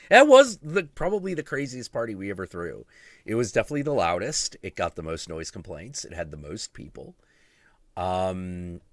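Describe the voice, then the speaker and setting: A man hosting a livestream, telling stories in casual chat, animated and profane, often breaking into laughter. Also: medium pitch, dry recording. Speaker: livestream host.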